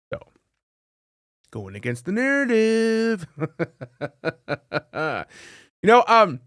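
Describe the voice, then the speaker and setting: Male podcast host, high and animated, casual and profane, laughing between headlines, dry close mic. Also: no room sound. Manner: profane, laughs often, reads headlines aloud. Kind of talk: casual political commentary.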